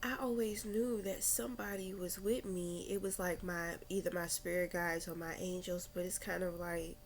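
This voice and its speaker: A young adult woman vlogging candidly about her spiritual struggles, talking in a slow, meandering way with many fillers and restarts, and audibly emotional. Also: on the low side, fairly even intonation, a little hiss or hum. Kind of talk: candid personal reflection.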